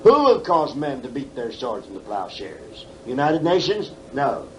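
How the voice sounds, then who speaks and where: A man in his seventies teaches scripture at a conference, hammering home points with rhetorical questions and dry folksy humor. The old tape carries a faint steady hiss behind him. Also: mid-range voice, a little slow, poor audio. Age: 70s. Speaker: Bible teacher. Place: conference hall. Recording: faint background noise, 1979 tape.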